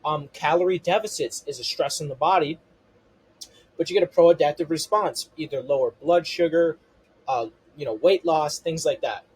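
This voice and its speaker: A man with a voice pitched a little above the usual male range runs through a health lesson. His tone is husky rather than clean. He keeps checking in with "okay" and "you know" as he walks through each point. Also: moderate pace, darkish tone, poor audio. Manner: repeats "okay" and "you know" as fillers, explains step by step. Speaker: functional health coach. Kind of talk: explanatory health lesson to camera.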